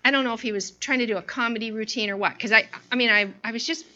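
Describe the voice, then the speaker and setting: A woman's voice: fairly high pitch, quick pace, hardly any pauses, sharp tone, muffled recording. A woman giving an informal sermon to a women's group, telling a personal story full of fillers and restarts before reading scripture. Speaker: women's ministry speaker.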